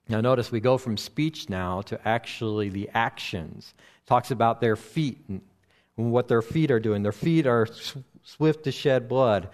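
Male preacher, middle-pitched voice, slow careful delivery, explains scripture verse by verse with pauses. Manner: slow and deliberate, with frequent fillers and restarts. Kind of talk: expository Bible teaching.

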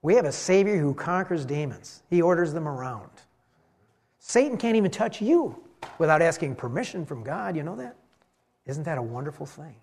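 A man's voice: on the high side, normal speed, husky. A man preaching a sermon to a congregation, acting out the voices in the story as he goes. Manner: animated, acts out the voices in the story. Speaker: pastor.

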